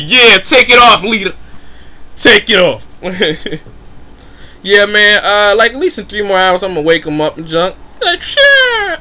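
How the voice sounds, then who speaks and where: This is a man giving relaxed, off-the-cuff commentary while he plays. His voice sits high and sounds piercingly bright. He rambles through crude jokes and heavy slang in a loose, casual way. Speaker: let's play commentator.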